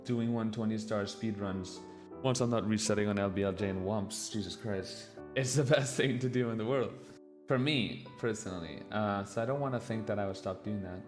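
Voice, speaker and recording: A man streaming a reaction to a documentary, talking casually, swearing freely and getting openly emotional. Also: fairly low pitch. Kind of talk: casual live-stream commentary.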